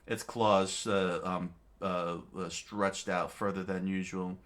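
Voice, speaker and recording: A man narrating a manga aloud, halting and restarting often. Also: sits low, level tone, fairly bright tone. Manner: halting, many fillers and restarts. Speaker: reader, narrator. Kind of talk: unscripted manga read-aloud.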